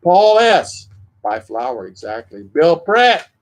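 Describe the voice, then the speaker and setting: Older guy rambling thru a livestream, fairly high voice, lots of thank yous. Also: very animated, slow pace. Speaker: livestream host. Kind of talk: casual livestream chat, reading viewer names.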